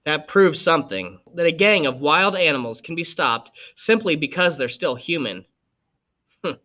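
A calm, wise middle-aged father speaks in a measured, patient way, as a man plays him. His tone is bright and clear, reasoning gently. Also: on the high side.

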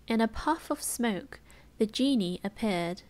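A woman with a British English accent reading a bedtime storybook aloud in a soft, gentle ASMR style. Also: fairly high pitch, lively intonation, a little slow. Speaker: storybook reader.

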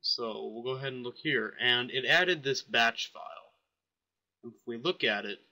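Male software reviewer, mid pitch, very bright and piercing tone, offhand and puzzled. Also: normal speed. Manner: thinking aloud, offhand and puzzled. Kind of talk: casual screen-recorded software demo.

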